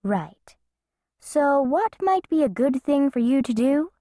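A woman's voice: high-pitched, very animated, takes it slowly, warm tone, no echo, studio quality, voice pushed up, heavily acted. A woman voicing a stern, exasperated mother who speaks in a firm, pointed way.

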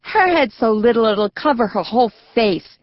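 A woman's voice: a little high, expressive, moderate pace, no room sound, muffled recording, lightly acted. A woman voicing a teasing, bossy young boy in an audiobook. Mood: whiny.

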